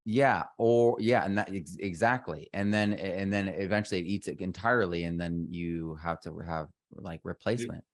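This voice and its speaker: A man's voice: sits low, moderate pace, hardly any pauses, dry recording. A middle-aged man talking as a podcast guest in a casual interview, rambling and often restarting his sentences. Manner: rambling, self-interrupting storyteller.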